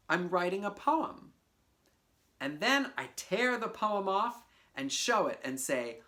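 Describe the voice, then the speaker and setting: A low-voiced woman leads a children's poetry lesson, her pitch swinging up and down with playful energy. She takes her time, speaking slowly and encouragingly straight to the kids at home. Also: expressive, fairly bright tone. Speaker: teaching artist. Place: home video for a virtual class.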